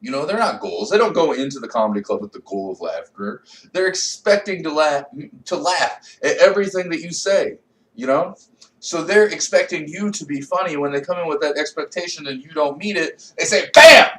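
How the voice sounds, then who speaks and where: Brief: young male comedian, high-pitched, profane rambling rant, recorded off-mic in an echoey room. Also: lively intonation, brisk, far from the mic. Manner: rambling, swings between low mutters and loud outbursts.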